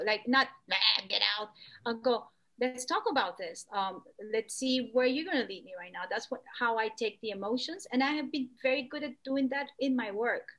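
A woman artist talking as a podcast guest, lively, acting out quoted voices. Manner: animated, acts out quoted voices with pitch jumps. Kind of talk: conversational podcast interview.

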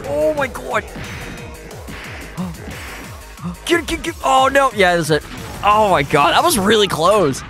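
A young man with a high voice hosts a gaming video, giving excited live commentary on computer fights. He swears, laughs often, and trips over his words.

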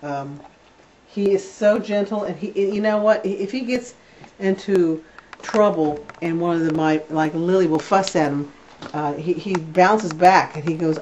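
A chatty, doting woman with a slightly low voice gives a casual home video tour, full of fillers and restarts. She sounds a bit off-mic, with dull, muffled camera audio and a faint hiss of room ambience behind her. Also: measured pace, darkish tone, distant mic. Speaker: dog breeder. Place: indoors at home with puppies. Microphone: camera held by a helper.

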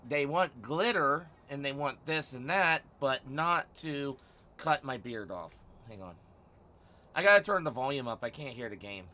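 A man live-streaming a game from home, chatting casually with viewers, teasing and swearing, often bursting out loudly. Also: medium pitch, animated, a little slow. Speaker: livestreamer.

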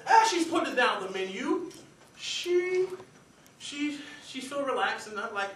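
A young man giving a humorous contest speech, acting out scenes with lively energy. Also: very high-pitched, measured pace, slight background noise. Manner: animated, acts out scenes and voices. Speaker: contest speaker. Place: meeting hall stage. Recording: echoey hall, distant mic. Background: audience laughter.

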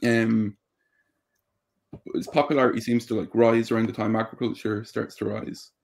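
A young man with a Drogheda Irish accent, a podcast guest talking through history in a thoughtful way with many pauses. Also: fairly low pitch, level tone, creaky, darkish tone. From Ireland. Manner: thoughtful, explains at length with many ums. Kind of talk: casual interview chat.

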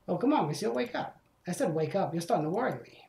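High friendly fisher bird, a guy doing the voice, chatty, echoey room. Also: expressive, quick pace, gravelly, darkish tone. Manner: easygoing, helpful.

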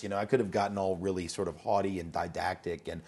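A man's voice: low voice, fairly even intonation, fast, few pauses, darkish tone, slightly rough. A man being interviewed as an educator, talking conversationally and telling anecdotes, often repeating words as he starts a thought.

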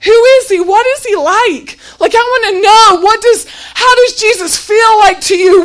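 A woman with a very high voice preaching a heartfelt sermon. She pushes her voice up to near shouting and sounds close to tears as she presses question after question. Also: measured pace, few pauses. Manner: impassioned, often near tears and raising her voice; repeats rhetorical questions.

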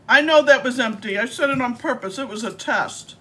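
A woman's voice: on the high side, fairly quick, noisy background. A woman live-streaming while baiting a scammer, talking in a teasing, theatrical and playful way. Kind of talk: casual live-stream talk.

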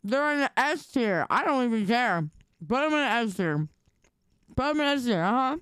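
A woman's voice: on the high side, expressive, moderate pace, fairly bright tone, clean tone, no room sound, studio quality. A young woman streaming live, chatting playfully and teasing her viewers while she eats. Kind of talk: casual live-stream chat.

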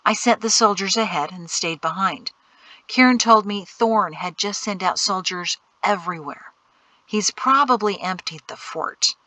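A woman reading the lines of a bulky, gentle man in black in an audiobook, speaking quietly and sometimes hushed. Her tone is bright and the recording dry and close. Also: medium pitch, unhurried, dry recording. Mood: urgent.

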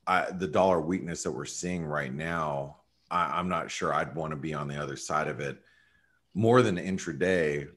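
A man hosting a trading webinar, chatting loosely about currencies with lots of fillers and restarts. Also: sits low. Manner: rambling, many fillers, jumps in loudly. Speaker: webinar host, trader. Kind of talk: casual market commentary.

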